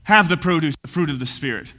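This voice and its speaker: A man preaching an energetic sermon, swinging from booming to hushed. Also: fast. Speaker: pastor. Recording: long reverb of a church hall.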